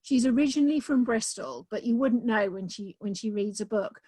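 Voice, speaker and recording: A woman's voice: on the high side, normal speed, dark tone, no echo. A woman author talking enthusiastically about her books in a casual video-call interview, with many "um"s. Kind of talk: casual conversation.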